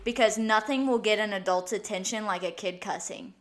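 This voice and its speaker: A woman's voice: medium pitch, a little fast. A woman co-hosting a casual podcast chat, talking in a chatty, laughing way with lots of fillers. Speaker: podcast co-host.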